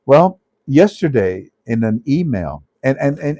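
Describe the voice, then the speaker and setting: A man's voice: mid-range voice, sing-song, measured pace, few pauses, warm tone, no room sound. A man hosting a casual monologue, emphatic and repetitive, often breaking into laughter. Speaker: host. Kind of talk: casual talk show monologue.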